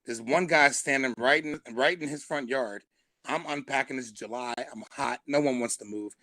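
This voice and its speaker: A man's voice: medium pitch, normal speed, pushed and bright, no echo. A man, a stand-up comedian, telling a long comic story on a live stream and laughing through his punchlines.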